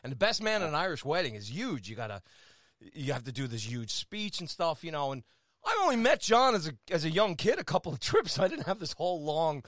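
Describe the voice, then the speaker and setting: Male podcast host, teasing and jokey, slightly high voice, dry close-miked sound. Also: very animated, fairly bright tone, no room sound. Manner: playful, quick to laugh and tease. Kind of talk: casual chat.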